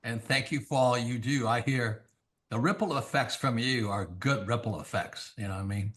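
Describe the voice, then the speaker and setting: An older man, a guest author, telling blunt anecdotes in an interview and acting out quoted dialogue in quick bursts. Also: medium pitch, fairly bright tone. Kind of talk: storytelling in an interview.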